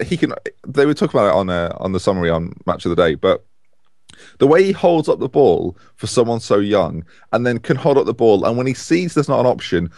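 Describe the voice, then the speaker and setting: A man co-hosting a casual football podcast, animated and opinionated. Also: lowish voice, no echo, studio quality. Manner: animated, opinionated, chatty with restarts. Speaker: podcast co-host.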